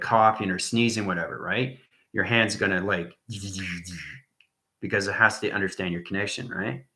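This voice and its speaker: Man, livestream host, low bright voice, excitable and repetitive, roomy echo. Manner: enthusiastic, repetitive, drifts into whispers. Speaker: online spiritual teacher. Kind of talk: rambling livestream talk to viewers.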